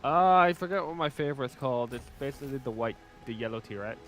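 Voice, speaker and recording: A man's voice: medium pitch, animated, fast, music in the background. Joking man streaming a co-op game. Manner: joking, swears, loud outbursts. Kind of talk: casual gaming chat.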